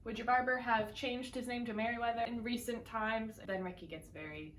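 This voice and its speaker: A young woman co-hosts a casual podcast chat, recapping a sitcom episode and performing the characters' lines in put-on voices. Her voice sits on the high side with fairly even intonation and a slightly fast pace. The room is echoey, she's distant from the mic, and there's faint noise.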